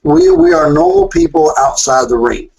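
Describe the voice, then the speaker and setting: A man calling in as a guest, a wrestler and promoter, telling stories in a lively, laughing way. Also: extremely high pitch, normal speed, creaky, rough recording. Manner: storytelling, lively, laughs often. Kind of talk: phone-in chat.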